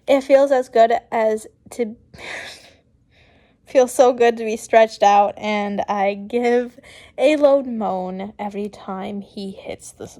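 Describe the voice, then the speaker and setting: Woman host, high voice, unhurried reading of fan fiction with chatty comments in between. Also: a little mellow. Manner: breaks off into chatty, giggly asides between read lines. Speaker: fanfiction reader and channel host.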